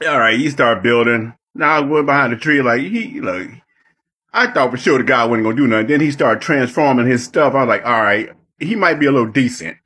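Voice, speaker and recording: Husky man, mock-dramatic streamer rant. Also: medium pitch, a little fast, fairly bright tone. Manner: theatrical, mock-emotional, repetitive emphasis. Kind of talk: mock-dramatic gaming commentary.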